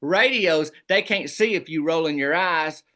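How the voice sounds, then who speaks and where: A man, a comedy guest telling boastful tall tales in a deadpan rural persona. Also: fairly high pitch, unhurried. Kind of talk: comic storytelling in a rural persona.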